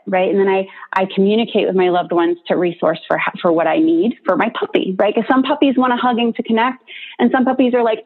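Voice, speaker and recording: A woman's voice: medium pitch, fairly quick. A woman giving an informal, encouraging talk on coping with stress, chatty and full of "right?" tags. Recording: tinny phone-like line.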